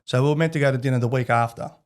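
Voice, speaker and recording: A man's voice: mid-range voice, very fast. A man in his thirties with an Australian accent, a podcast guest talking candidly and rambling, with many restarts. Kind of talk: casual interview chat.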